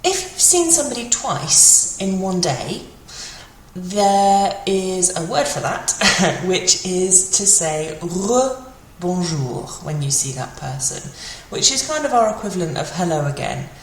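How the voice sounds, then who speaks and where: A French teacher with a low-ish, animated voice gives a casual spoken language lesson. She's chatty and uses fillers, repeating example phrases slowly. The recording is in an echoey room with faint ambient noise.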